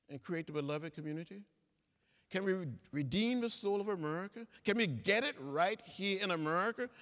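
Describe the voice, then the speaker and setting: Speaking to students in a big lecture hall, this guest speaker in his seventies uses repeated phrases and the rhythm of a preacher. His pitch sits fairly high with a slightly bright quality, and the sound echoes around the hall.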